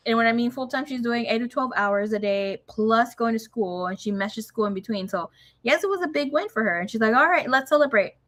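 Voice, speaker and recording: Young woman doing a chatty tarot reading, kinda high voice, swears a lot, drops spanish words in. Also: a little fast. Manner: chatty, swears freely, mixes in Spanish phrases. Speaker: tarot reader. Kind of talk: casual tarot reading to a viewer.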